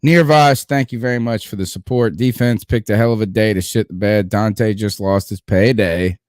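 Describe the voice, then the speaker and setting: A man's voice: on the low side, moderate pace, a little mellow, no echo, studio quality. A man hosting a sports podcast in a casual, joking, rambling way. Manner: joking, hyperbolic, rambling with fillers. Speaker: podcast host.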